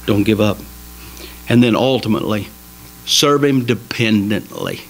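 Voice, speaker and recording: Man, church sermon, folksy, emphatic, slow delivery, mains hum. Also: on the low side, very animated, gravelly, low-quality recording. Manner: emphatic, swings between loud exhortation and quiet asides; folksy, jokes with the congregation. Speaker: pastor. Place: small church sanctuary.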